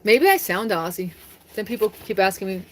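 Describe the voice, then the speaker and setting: A woman's voice: medium pitch, lively intonation, brisk, a little hiss or hum. Chatty lady streamer from the us, rambly, giggles between thoughts. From United States. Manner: chatty and rambling, laughs often. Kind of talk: casual chat on a live stream.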